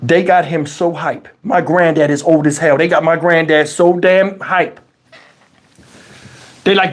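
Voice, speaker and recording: A man's voice: fairly high pitch, unhurried, long pauses. A man hosting a live stream, telling a funny story in a casual, profane way and acting out the people in it. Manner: animated, profane, acts out voices. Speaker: channel host.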